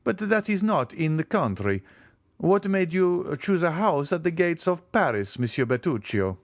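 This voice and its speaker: A man voicing a wealthy, self-assured nobleman who speaks crisply and offhandedly. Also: a little high, very animated, normal speed, dry recording, pitched above the performer's own voice. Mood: cool, assured. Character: rich, cool, commanding nobleman, adult man.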